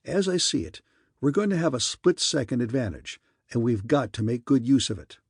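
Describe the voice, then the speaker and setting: A man's voice: mid-range voice, very animated, normal speed, vocal fry, husky, no room sound, clean studio sound, exaggerated voice. A man voicing a stubborn male mission commander who talks in an urgent, insistent way. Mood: planning.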